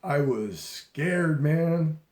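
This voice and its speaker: A man's voice: fairly high pitch, animated, very slow, darkish tone. Laid-back storytelling man, echoey room. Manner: rambling, emphatic, laughs often, frequent restarts. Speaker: speaker sharing leadership stories. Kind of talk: casual storytelling talk.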